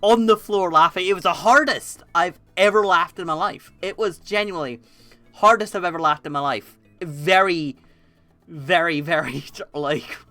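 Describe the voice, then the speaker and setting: A woman streaming and commenting on memes in casual talk, rambling and animated, laughing often and swearing freely. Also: on the low side, normal speed, no echo, soft background music. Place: home desk setup.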